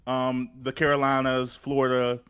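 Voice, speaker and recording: A man's voice: mid-range voice, completely flat delivery, moderate pace, a crowd in the background. A man on a debate panel, bantering like a salesman in casual chat. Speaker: panel guest.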